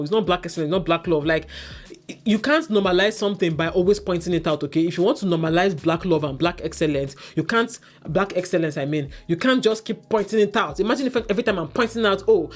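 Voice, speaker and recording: A woman giving an exasperated, ranting review of a reality dating show, mock-quoting the cast as she goes. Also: lowish voice. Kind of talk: casual opinionated review.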